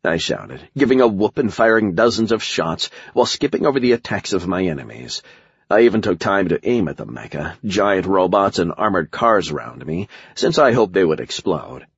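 A man's voice: sits low, animated, moderate pace, creaky, slightly rough, dry recording, muffled recording. A man reading a first-person action audiobook with a wry, sardonic manner. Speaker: audiobook narrator.

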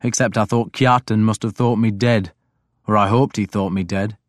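A man reading a first-person story as audiobook narrator, in a reflective, even manner. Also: on the low side, normal speed, no echo, studio quality.

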